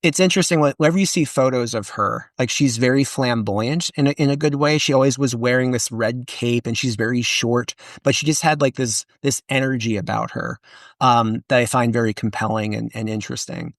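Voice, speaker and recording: A man, an author and historian, talking in a casual podcast interview, animated and chatty with many restarts and fillers. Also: medium pitch, brisk, creaky, no room sound.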